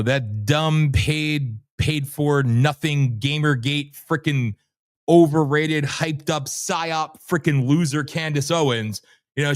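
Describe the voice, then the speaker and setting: A man hosting a livestream, delivering loud, brash, sarcastic commentary laced with profanity. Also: fairly high pitch, no echo, clean studio sound. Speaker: livestream host. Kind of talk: ranting commentary.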